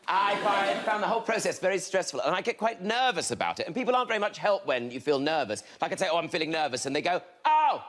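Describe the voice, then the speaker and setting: A man's voice: high-pitched, a bit bright. Wry, self-deprecating stand-up man. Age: 30s. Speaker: stand-up comedian. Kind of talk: stand-up routine. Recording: noisy TV studio recording.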